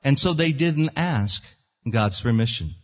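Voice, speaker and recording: A man preaching a sermon as pastor, animated and acting out prayers in little character voices. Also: medium pitch, measured pace. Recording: dull lo-fi church hall recording.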